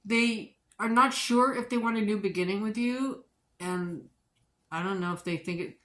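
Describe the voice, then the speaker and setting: A woman giving a livestream tarot reading, blunt and sarcastic and quick to swear. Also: medium pitch, fairly bright tone. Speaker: tarot reader. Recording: echoey room with background noise.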